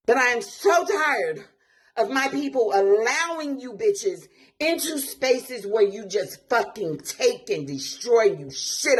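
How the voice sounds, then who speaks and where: A woman ranting angrily to camera, emotional and swearing hard. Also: high voice. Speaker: commentator. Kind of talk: angry vlog rant.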